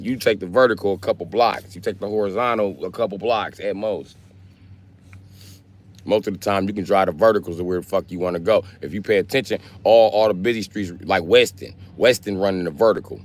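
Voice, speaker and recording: A man talks in a deep, low register. He streams live and jokes with his viewers in a brash, profane, trash-talking way. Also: fairly quick. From Milwaukee, Wisconsin. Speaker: livestreamer. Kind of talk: casual live-stream chat.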